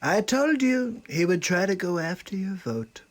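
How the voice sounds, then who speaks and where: A man's voice: sits high, very animated. A man doing a blustering older politician. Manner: boastful, repetitive, hurried.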